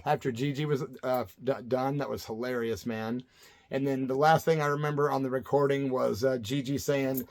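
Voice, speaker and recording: Gravelly laid-back older man. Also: medium pitch, a little fast, darkish tone. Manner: laid-back, rambling, says "man" often. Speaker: storyteller recalling punk tours. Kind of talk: casual spoken-word storytelling.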